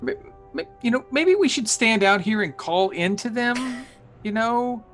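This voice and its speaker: A man's voice: very high voice, lively intonation, a little slow, fairly bright tone, faint music behind. A man playing a tabletop game in character, talking in a hesitant, cautious way. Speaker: player.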